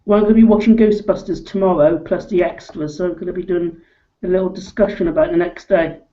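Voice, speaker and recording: A woman's voice: fairly low pitch, fairly even intonation, fast, warm tone, highs cut off. A woman co-hosting a casual live chat, asking chatty questions with hesitant fillers. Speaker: co-host.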